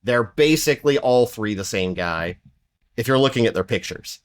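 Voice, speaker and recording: A man co-hosts a podcast in casual, rambling chat loaded with fillers. He mimics accents with big jumps in pitch, and his voice is expressive at a normal speed.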